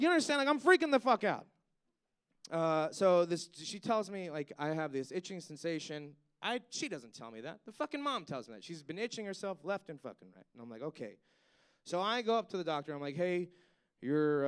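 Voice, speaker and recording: A man's voice: sits high, smooth. A man doing a stand-up comedy set on stage, rambling and swearing, with lots of "like" and "you know.".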